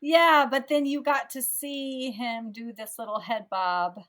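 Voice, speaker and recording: A woman's voice: a little high, fairly even intonation, unhurried, a bit bright. Reassuring woman podcast host. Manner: reassuring, affirming. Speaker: podcast host, lactation consultant. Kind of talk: casual interview.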